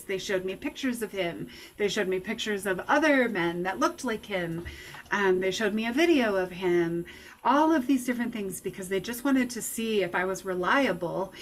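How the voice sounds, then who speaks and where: A woman giving a lecture, telling a personal story in an emotional, animated way. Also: medium pitch, slight background noise, poor audio. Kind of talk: personal testimony talk.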